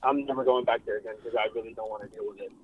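A young man telling a story in a casual interview, animated and full of fillers, calling in over a breaking-up phone line. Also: on the low side, rapid-fire, breathy edge, no room sound. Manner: animated, filler-heavy, swearing. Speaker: car photographer guest. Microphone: phone call, breaking up. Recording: dry thin phone line.

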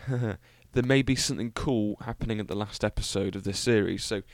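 A man's voice: lowish voice, normal speed, no echo, studio quality. Rambling, enthusiastic young British man. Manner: rambling, enthusiastic, self-mocking, many fillers. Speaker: podcast host. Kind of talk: solo podcast car review.

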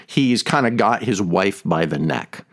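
A low, gravelly male voice with a lively, rising and falling delivery. He hosts a podcast and teaches earnestly, circling back to stress his main point again and again. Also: unhurried. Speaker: podcast host. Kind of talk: teaching talk on a faith topic.

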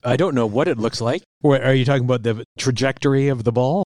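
A man's voice: mid-range voice, fast, darkish tone, no room sound, clean studio sound. A man co-hosting an investing podcast, laid-back and giving short replies in casual chat. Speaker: podcast co-host, financial advisor.

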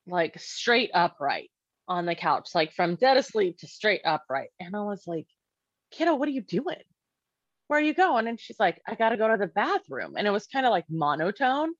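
A woman's voice: mid-range voice, no room sound. Woman, casual storytelling, filler-heavy, acted-out quotes, dry, slightly dull recording. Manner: conversational, many "like" fillers, acts out quoted dialogue. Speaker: parent telling her story.

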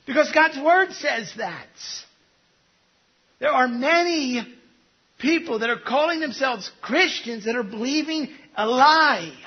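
A man's voice: extremely high pitch, dull audio. A man preaching a sermon, conversational, throwing rhetorical questions at his congregation. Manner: conversational with asides. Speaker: pastor.

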